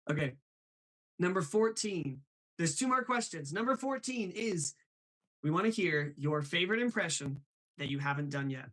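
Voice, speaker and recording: A man hosting a casual live stream, animated and reading chat messages aloud. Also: a little high, measured pace, long pauses. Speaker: host of a live stream show.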